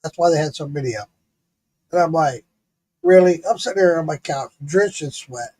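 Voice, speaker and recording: Profane, animated man telling a story. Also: on the high side, a little fast. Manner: profane, laughing, animated retelling. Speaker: live stream host. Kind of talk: casual storytelling.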